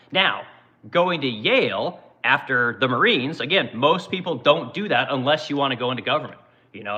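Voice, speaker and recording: A man's voice: on the high side, bright, forceful tone, muffled recording. A man in his forties from Oregon hosting a livestream, ranting in casual, profane commentary. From Oregon, USA. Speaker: livestream host and business owner.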